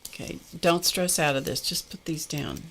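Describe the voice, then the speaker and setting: A woman's voice: low voice, lively intonation, normal speed, a bit bright, slight background noise. A woman hosting a casual art live stream, chatting while she works and laughing often. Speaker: art livestream host.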